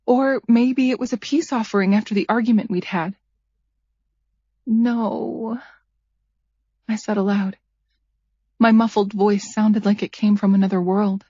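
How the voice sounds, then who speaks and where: A woman narrating a first-person psychological thriller audiobook in a measured, tense storytelling voice. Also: mid-range voice, darkish tone, no echo. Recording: dry, slightly dull studio read.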